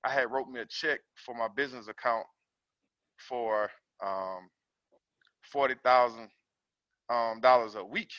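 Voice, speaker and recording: A man calling into a group coaching session, telling his story in an earnest, halting way with frequent pauses and restarts. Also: medium pitch, fairly bright tone, no echo. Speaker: caller on the call. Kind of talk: casual share on a call. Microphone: video call. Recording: dull lo-fi call audio.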